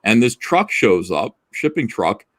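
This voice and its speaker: A man's voice: lowish voice, sing-song, a little slow. A man hosting a livestream over a remote call, telling rambling anecdotes in blunt, profane casual chat. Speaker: livestream host.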